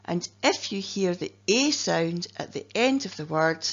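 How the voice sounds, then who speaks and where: Slow, careful Scottish woman teaching phonics. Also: fairly low pitch, expressive. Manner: slow, careful, clearly spelling out letters and sounds. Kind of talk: phonics lesson narration. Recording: dull lo-fi recording.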